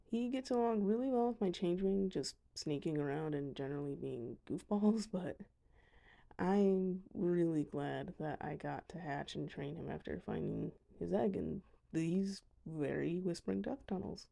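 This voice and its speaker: A woman's voice: on the low side, normal speed, creaky, dark tone. A young woman giving a casual voice-over of a video game, chatty with self-deprecating asides. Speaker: gamer showing her dragons.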